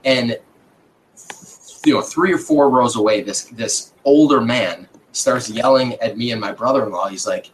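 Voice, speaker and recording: Male podcast host, mid-pitched, loose profane storytelling, slight background hiss. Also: normal speed, low-quality recording. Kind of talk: casual storytelling chat.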